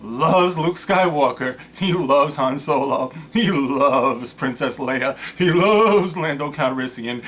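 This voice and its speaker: A man with a fairly high-pitched voice delivers a loose, rambling rant straight to his audience. He talks casually, piling on asides and winding tangents as he builds his point. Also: a little slow, hardly any pauses. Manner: animated, rambling, storytelling with many asides. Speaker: vlog host.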